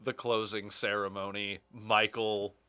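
A man guesting on a podcast, retelling scenes in lively casual chat. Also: fairly low pitch, a little slow, smooth.

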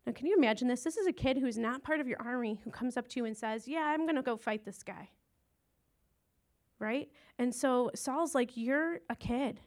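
A woman's voice: fairly high pitch, moderate pace, a little mellow. A woman teaching a casual Bible lesson, retelling a story in a chatty, informal way with slang asides.

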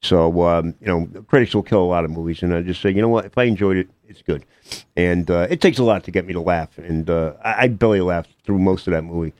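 An older man, an actor guest in a casual radio interview, talking haltingly with lots of fillers and restarts. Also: sits low, darkish tone, no echo.

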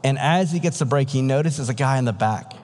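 A man's voice: medium pitch, fairly quick, a little mellow. A preacher telling a story in a casual, conversational sermon, acting out the voices of the people he quotes. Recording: long hall reverb.

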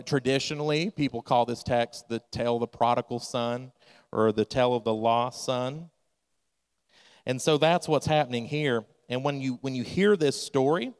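A man's voice: mid-range voice, clear, resonant tone, big-room sound. A man preaching a sermon, telling a story and acting out its characters' lines. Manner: storytelling preacher, acts out quoted dialogue. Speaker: pastor.

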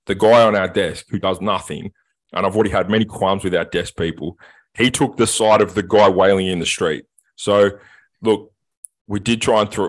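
A man, co-hosting a podcast and telling a long story in casual chat, sweary and animated. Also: low voice. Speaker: podcast co-host.

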